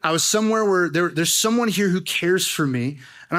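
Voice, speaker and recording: A young man preaching a youth sermon, telling stories in a joking, animated way with lots of fillers. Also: high-pitched, normal speed. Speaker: youth pastor. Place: church youth service.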